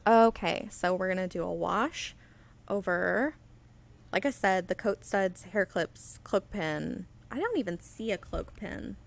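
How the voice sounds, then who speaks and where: A woman's voice: mid-range voice, expressive, unhurried, creaky. A woman hosting a live stream where she paints miniatures, chatting in a rambling way and reading viewer comments aloud. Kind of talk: casual chat while demonstrating. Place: indoor studio under flood lighting. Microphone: webcam on auto settings.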